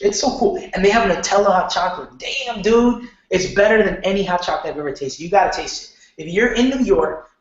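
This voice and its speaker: A man teaching an online marketing lesson in a casual, animated way, often checking in with "okay?" and slipping into slang. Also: on the high side. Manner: animated, repeats "okay?", loose slangy talk. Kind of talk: casual training lecture. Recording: very echoey, muffled room.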